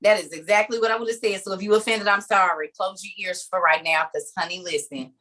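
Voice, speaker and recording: A woman preaching in a lively, conversational way on a video call. She acts out scenes as she tells them, laughs often and keeps turning to her listeners with emphatic repeats. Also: mid-range voice, a little fast. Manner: emphatic and repetitive, addressing listeners directly. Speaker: speaker leading an online group meeting.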